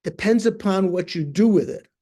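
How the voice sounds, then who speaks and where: An older man quoting a stern older male lama teacher, speaking firmly and a little louder. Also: sits high, normal speed, voice pushed up. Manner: stern, firm.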